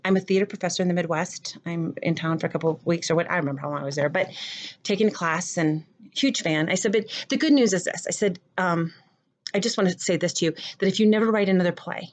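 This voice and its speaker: A middle-aged woman, a theater professor, telling a personal story and acting out the dialogue with animated jumps in her voice. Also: on the low side.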